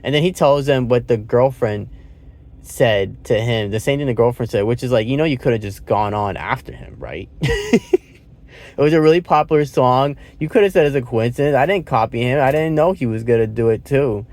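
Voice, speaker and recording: Dude rambling casually about a movie, swears a bit, laughs a lot, normal mid voice. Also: male voice, medium pitch, brisk, a little mellow. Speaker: movie reviewer.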